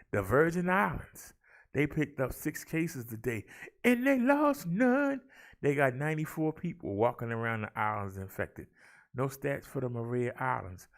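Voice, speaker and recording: Brief: male vlog host, gravelly mid-range voice, theatrical and chatty, addresses the viewers as y'all. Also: medium pitch. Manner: theatrical, rolls his R's, talks to viewers as y'all. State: out of breath. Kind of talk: casual chat and daily numbers rundown.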